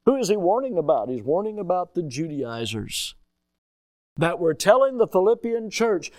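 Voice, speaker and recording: A middle-aged male pastor preaching a sermon in a church, with emphatic delivery that slows and rises on quoted scripture. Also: high voice, sing-song, darkish tone. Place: church sanctuary.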